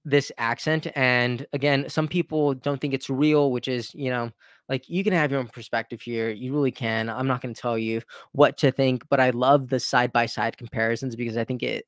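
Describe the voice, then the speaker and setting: This is casual political commentary from a man who hosts his own channel, chatting with strong opinions and frequently starting his sentences over. The studio recording is clean with no echo, and his medium-pitched voice has a clean tone.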